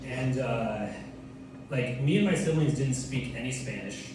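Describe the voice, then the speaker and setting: Young man doing stand-up in a roomy club. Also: mid-range voice. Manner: loose and playful, with quick bits of put-on voices. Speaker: stand-up comedian. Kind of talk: stand-up comedy set. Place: comedy club stage with audience laughter. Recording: roomy, distant club recording with loud room noise.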